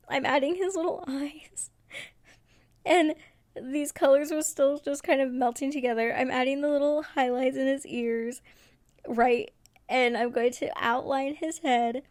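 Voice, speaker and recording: A woman's voice: sits high, fairly even intonation, a little slow, a little mellow, no echo, studio quality. Chatty, self-mocking woman. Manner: chatty, self-mocking, laughing at her own mistakes. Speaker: nail art vlogger. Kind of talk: casual voice-over narration.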